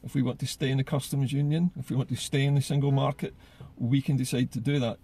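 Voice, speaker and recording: A man's voice: mid-range voice, steady tone, quick pace, warm tone, slightly rough. A man giving solo political commentary in an earnest way, often repeating words as he gathers his thoughts.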